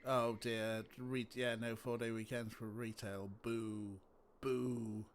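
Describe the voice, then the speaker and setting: A man's voice: medium pitch, flat delivery, slow, a little hiss or hum. A man giving rambling, joking commentary while streaming a game. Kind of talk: casual gameplay commentary.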